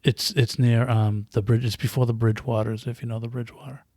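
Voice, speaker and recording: A podcast guest chats casually into a close-up podcast mic, rambling with lots of restarts and repeated words. He talks fast in a mid-range, darkish voice with little pitch movement, over slight background noise.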